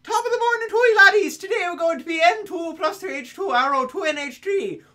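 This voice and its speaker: A British man voicing a cheery stage-Irish man who narrates a video game in a high, loud, sing-song put-on Irish accent. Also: brisk. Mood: jolly.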